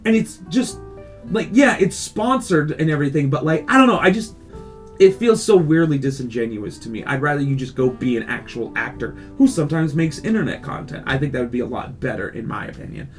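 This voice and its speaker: A man with a somewhat high voice rambles through a casual podcast chat and gets worked up into profane rants. Faint guitar music plays under the talk. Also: lively intonation, brisk. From California. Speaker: podcast host.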